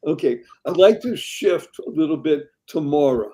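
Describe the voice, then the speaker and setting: A man's voice: fairly high pitch, expressive, normal speed, dark tone, poor audio. A man hosting a webinar panel on a video call, often chuckling as he talks. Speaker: webinar host.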